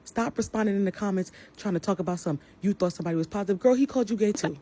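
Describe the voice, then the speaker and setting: A woman's voice: medium pitch, very fast, dark tone. A woman giving an angry, profane rant to the camera about a falling-out with a friend. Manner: heated, profane, confrontational. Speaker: social media personality.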